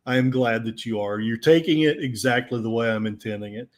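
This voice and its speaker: A man's voice: mid-range voice, normal speed, hardly any pauses. A man hosting a livestream podcast, reading out chat messages with a sarcastic, mock-solemn delivery.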